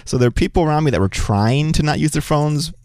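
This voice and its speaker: A man co-hosting a casual discussion, measured and agreeable. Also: on the high side, darkish tone, no room sound, clean studio sound. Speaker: podcast co-host.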